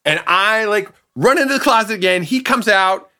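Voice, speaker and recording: A man, a guest sound designer, telling an animated anecdote on a podcast and acting out the people he quotes. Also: sits high, moderate pace. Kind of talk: casual podcast storytelling.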